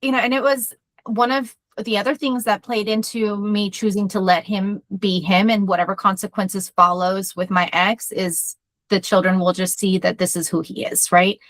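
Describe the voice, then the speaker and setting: A woman therapist co-hosting a podcast, talking in a loud, energetic way as she tells personal stories in casual chat. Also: mid-range voice, normal speed, dry recording.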